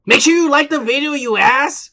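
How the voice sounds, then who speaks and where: A rowdy, profane man with a high-pitched voice co-hosts a beer-soaked podcast. His tone is bright and edgy, and he swings between mock outrage and laughter. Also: normal speed. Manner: loud, profane, rowdy, tipsy. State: drinking beer. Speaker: podcast co-host. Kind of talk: drunk casual banter reading comments.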